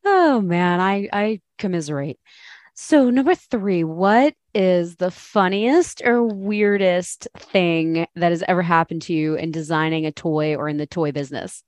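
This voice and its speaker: A woman's voice: on the low side, darkish tone, dry recording. Upbeat woman hosting a podcast. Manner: quick, upbeat questioning with laughs. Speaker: podcast host. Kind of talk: interview questions.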